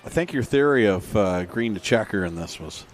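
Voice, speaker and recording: A race announcer with a mid-pitched voice that swings up and down as he calls cautions, restarts and battles for the lead. He laughs easily at his partner's jokes, with a faint hum of track noise behind him. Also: animated, moderate pace. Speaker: race commentator. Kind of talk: live race commentary. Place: outdoor speedway booth.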